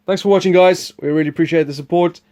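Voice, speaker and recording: A man's voice: sits high, steady tone, fast, mellow. A man hosting a board game preview, explaining the game in a rambling, chuckling, casual way. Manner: rambling, chuckling, restarts sentences.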